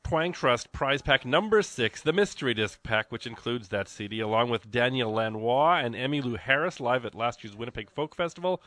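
Excitable man hosting a radio fundraiser. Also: medium pitch, moderate pace, hardly any pauses, no room sound. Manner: excitable, rambling, jokey. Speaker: radio host. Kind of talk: live radio fundraiser chat. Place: radio studio. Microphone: studio microphone.

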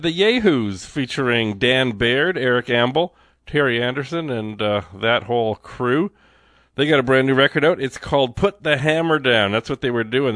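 A man's voice: medium pitch, a bit bright, no echo, studio quality. A man working as a radio DJ, back-announcing songs in a casual, chatty way with enthusiastic exclamations.

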